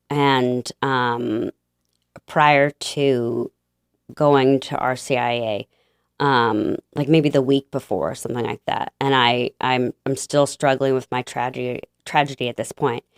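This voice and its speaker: A woman guest telling a personal faith story in an interview, halting and emotional, with many fillers and restarts. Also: extremely low pitch, steady tone, clear, resonant tone, dry recording, studio quality.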